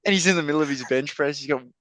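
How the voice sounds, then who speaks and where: A man's voice: fairly high pitch, racing, a bit bright, no echo. A young Australian man, a rugby league player, telling stories in a casual podcast interview, laid-back and laughing often. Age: young adult. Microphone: podcast microphone.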